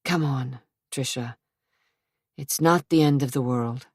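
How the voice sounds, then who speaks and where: A woman reading aloud, voicing a cocky young man who speaks in a low, offhand way. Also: takes it slowly, darkish tone, husky, no room sound, studio quality, exaggerated voice.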